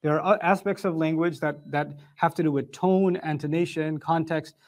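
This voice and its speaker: Male Quran lecturer, higher-pitched, emphatic and animated teaching delivery. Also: normal speed. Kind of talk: religious lecture.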